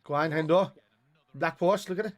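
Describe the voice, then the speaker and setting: A man co-hosting a football watch-along, calling out excited reactions to the play and swearing freely. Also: on the high side, normal speed. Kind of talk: live match watch-along chat.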